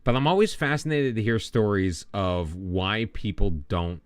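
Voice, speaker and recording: A man's voice: fairly low pitch, unhurried, no echo. A middle-aged man chatting casually on a live game stream, rambling and self-deprecating, with many restarts. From United States.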